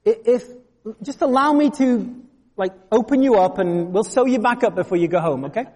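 With a high-pitched voice at normal speed, a man delivers a sermon whose words ring out in a long reverb tail. He animates his stories for the congregation by voicing each person in them.

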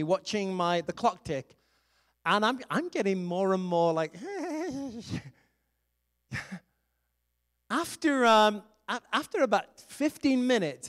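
Middle-aged male preacher, high and lively pitch, chatty storytelling sermon. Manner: conversational storytelling with laughs. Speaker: evangelist and pastor.

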